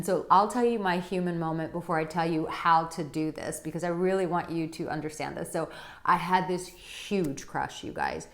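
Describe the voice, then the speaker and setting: A woman dating coach talking straight to her viewers, chatty and animated as she tells a personal story. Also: fairly low pitch, normal speed. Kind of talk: direct-to-camera advice vlog.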